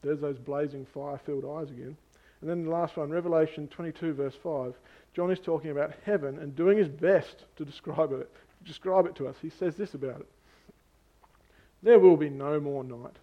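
Earnest preacher man, slightly higher voice. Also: fairly even intonation, highs cut off. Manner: earnest, reads scripture slowly. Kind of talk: Easter sermon.

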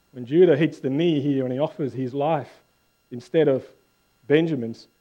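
A male pastor giving a conversational sermon, swinging between hushed and loud lines and stumbling over repeated words when he corrects himself. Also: mid-range voice, muffled recording.

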